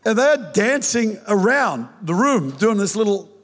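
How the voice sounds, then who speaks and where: An older man preaching a sermon, telling his own conversion story in an animated, joking way with many restarts. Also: high voice, a little slow. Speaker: pastor. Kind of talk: sermon with personal testimony. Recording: reverberant hall.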